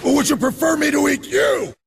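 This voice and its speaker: A shouting, gravelly tyrant king. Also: very high-pitched, fairly even intonation, fairly quick, background noise, heavily acted. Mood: furious. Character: angry great king, male, tyrannical. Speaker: game character sample.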